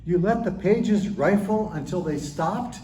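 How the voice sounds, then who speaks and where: A man's voice: sits high, a little slow, warm tone, roomy sound, a little hiss or hum, pitched above the performer's own voice, rough recording. A man voicing a curious pastor questioning a businessman.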